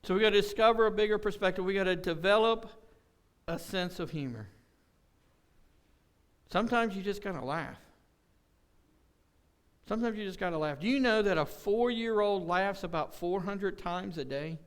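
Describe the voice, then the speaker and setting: A man's voice: sits high, moderate pace, pauses often, clear, resonant tone. A man preaching a casual, conversational sermon at a church service, joking and telling folksy stories with acted-out quotes. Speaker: pastor.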